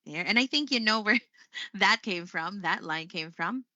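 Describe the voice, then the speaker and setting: A woman's voice: medium pitch, expressive, unhurried, bright, forceful tone, no room sound. A woman from the Philippines teaching English online, chatty, with frequent fillers and self-corrections. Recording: dry, slightly muffled sound.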